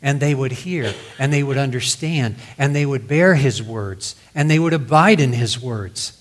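A man's voice: mid-range voice, normal speed. A man preaching a sermon, reading scripture aloud and explaining it in plain words. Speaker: pastor.

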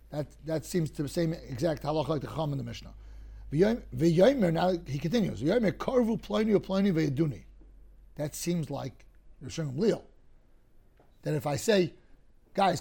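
Guy teaching talmud, highish voice, gravelly, clears his throat a lot. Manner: explains cases through lively hypothetical scenarios. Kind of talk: Talmud class explanation.

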